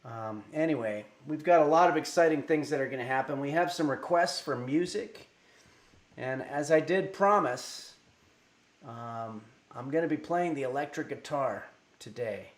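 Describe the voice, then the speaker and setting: A man's voice: mid-range voice, moderate pace, reverberant. A man streaming live from home, chatting casually at his desk microphone and reading viewer messages aloud with lots of fillers. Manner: rambling, reads chat messages aloud with many fillers. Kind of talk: casual livestream chat.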